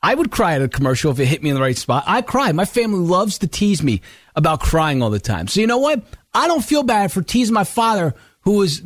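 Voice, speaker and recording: A man with a high, lively voice tells a chatty personal story as a talk show host. His pitch climbs and swoops as he talks, and the sound is close and dry. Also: a little fast, dry recording. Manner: chatty, animated storytelling with laughs. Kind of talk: casual monologue.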